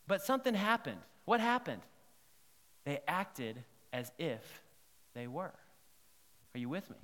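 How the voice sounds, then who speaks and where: A man delivers a sermon with a bright, slightly high voice. He is lively and chatty, often asking his listeners whether they follow him. His voice rings with the long reverb of a large hall. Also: moderate pace. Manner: lively, conversational, checks in with the congregation. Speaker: pastor. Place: church sanctuary.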